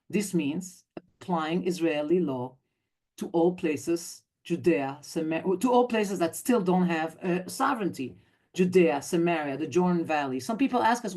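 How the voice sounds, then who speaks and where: Belgian-born woman, 50s, lowish voice, emphatic speaker on a video call, acts out dialogue. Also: animated, normal speed, darkish tone. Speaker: guest speaker, activist. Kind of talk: online talk.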